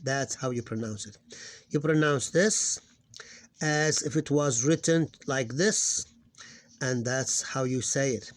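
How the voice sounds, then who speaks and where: A man teaching a casual recorded lesson, often hesitating, repeating words and slowing down to sound out syllables. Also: mid-range voice. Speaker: Arabic teacher.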